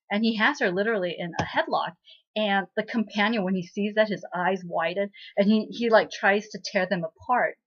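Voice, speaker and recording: A woman's voice: medium pitch, normal speed, slightly rough. Woman rambling through a drama recap, lots of um and you know, kinda muffled lo-fi sound. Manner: chatty, full of fillers and asides. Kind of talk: casual spoken recap. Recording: slightly muffled lo-fi recording.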